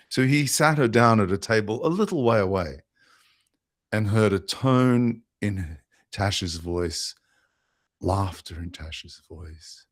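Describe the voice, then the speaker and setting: A man's voice: low-pitched, no room sound. A man, a podcast guest telling a heartfelt story, with restarts and fillers, into a close mic. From Australia.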